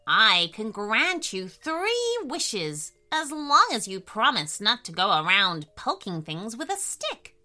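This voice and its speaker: A touchy magical toadstool mushroom from a children's storybook, as a woman puts it on. The voice is bright and lively and the words come slowly. It is indignant but keen to grant wishes. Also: on the high side, faint music behind, full character voice. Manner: indignant then generous, a storybook voice.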